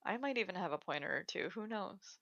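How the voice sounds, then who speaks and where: A woman's voice: mid-range voice, lively intonation, brisk, gravelly, fairly bright tone, lo-fi sound. A woman co-hosting a casual livestream chat, rambling and laughing often. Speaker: co-host.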